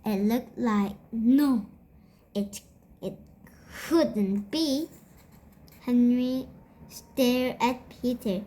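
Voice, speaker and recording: A child reading a storybook aloud in a halting way, stumbling and repeating words. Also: mid-range voice, mellow, low-quality recording. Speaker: storybook reader.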